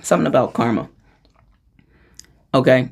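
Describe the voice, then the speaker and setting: A spiritual channeler speaking a freestyle channeling monologue, animated and chatty and often laughing. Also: medium pitch, moderate pace, gravelly, slight background noise. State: out of breath.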